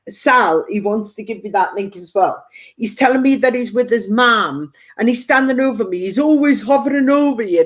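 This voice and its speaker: Chatty woman medium giving live readings. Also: a little high. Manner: chatty, relays spirit messages with playful quoted asides. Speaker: spiritual medium. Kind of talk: live-stream psychic reading.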